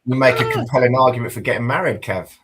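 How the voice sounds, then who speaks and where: A man's voice: mid-range voice, fast. A man co-hosting a casual stream, teasing the others with blunt wisecracks over a hissy online call. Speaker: stream co-host. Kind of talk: casual chat.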